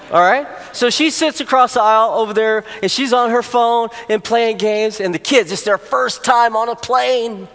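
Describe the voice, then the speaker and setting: High-voiced pastor preaching in a reverberant hall. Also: male voice, a little slow. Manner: storytelling, rising to animated exclamations for comic effect. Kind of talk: sermon with a personal story.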